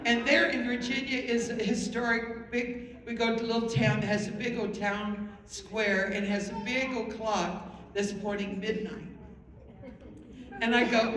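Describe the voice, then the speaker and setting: A woman, a pastor's wife, telling a lively story to a live audience in an animated, laughing, exclamatory way. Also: fairly high pitch, unhurried, crowd noise, background noise. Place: large event hall. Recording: echoey hall with audience. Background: audience sounds.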